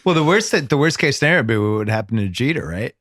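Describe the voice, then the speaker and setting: A man's voice: mid-range voice, big pitch swings, very fast, fairly bright tone, no room sound. A man hosting a podcast, chatting casually with dry humor. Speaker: podcast host.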